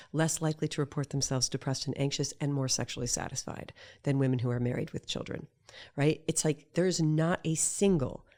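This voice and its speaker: A middle-aged woman, a guest in a casual conversation, talking in an animated way and acting out quoted voices as she tells her stories. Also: sits low, creaky. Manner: animated storyteller who acts out quoted voices.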